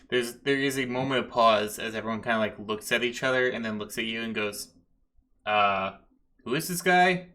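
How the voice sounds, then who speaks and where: A man's voice: medium pitch, little pitch movement, a little fast, pushed and bright. A man narrating as game master of a tabletop game, with loose narration full of fillers.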